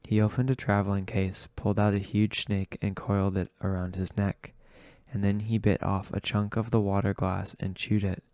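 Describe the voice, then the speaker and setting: A man reading an audiobook aloud in a slow, measured way. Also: fairly low pitch, little pitch movement, a little mellow, clear, resonant tone, no room sound. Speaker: audiobook reader. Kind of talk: audiobook narration.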